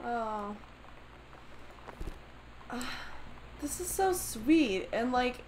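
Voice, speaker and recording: Woman gamer, high voice, unhurried delivery, foul-mouthed exasperated rants over gameplay. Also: expressive, noisy background. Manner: profane, exasperated ranting. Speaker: gamer playing a story game. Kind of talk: let's play commentary.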